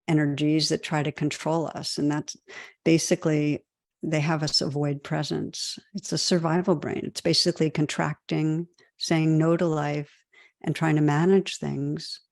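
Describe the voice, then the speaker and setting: A woman giving a dharma talk as a meditation teacher, gentle and reflective, often using "you know" and soft restarts. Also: deep voice, no room sound, clean studio sound.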